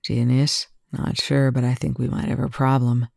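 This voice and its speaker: A tired, blunt military commander, voiced by a reader, speaking low and weary. His hushed lines sit dry and close. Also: flat delivery, normal speed, vocal fry, no echo. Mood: tense.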